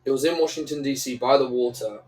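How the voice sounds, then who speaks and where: A man's voice: mid-range voice, quick pace, a little mellow, distant mic, poor audio. Casting: young English-born man, loose rambling guest, a bit off-mic. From England. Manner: rambling, restarts sentences, casual swearing. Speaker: guest singer. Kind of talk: casual interview chat.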